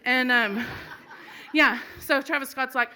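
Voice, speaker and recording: A middle-aged woman telling a true comic story on a live stage, animated and laughing as she goes. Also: high-pitched, slow. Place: live stage before an audience.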